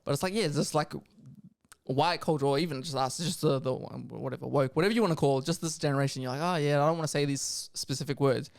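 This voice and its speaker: A young man co-hosting a podcast in casual chat, rambling and joking, laughing often and jumping between mumbles and loud bursts. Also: on the high side, quick pace, gravelly. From Australia. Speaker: podcast co-host.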